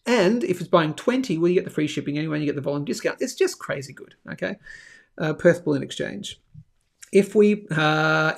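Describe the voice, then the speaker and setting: Gravelly, chatty man hosting live. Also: on the high side. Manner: chatty, animated, lots of "okay?" asides. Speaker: live show host. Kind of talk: casual live-stream talk with sponsor reads.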